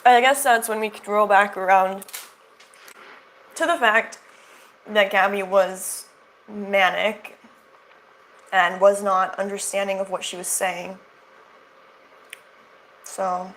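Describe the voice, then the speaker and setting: A woman's voice: mid-range voice, steady tone, slow, long pauses, a bit bright, rough recording. A young woman hosting casual reaction commentary, sarcastic and rambling, full of fillers and restarts. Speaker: commentary channel host.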